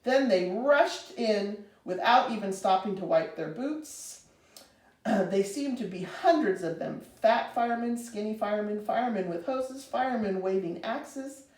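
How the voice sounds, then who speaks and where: A woman reading a children's storybook aloud in an expressive, animated way. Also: medium pitch, distant mic. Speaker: storybook reader. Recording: roomy, reader away from mic.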